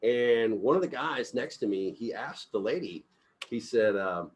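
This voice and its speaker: A middle-aged man talks through a book with his team in a loose, chatty way. He laughs often, and his voice jumps up sharply whenever he acts out what someone said in a story. His pitch sits in a medium range. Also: lively intonation, a little slow, a little hiss or hum. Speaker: company CEO leading a book discussion. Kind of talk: casual group book discussion.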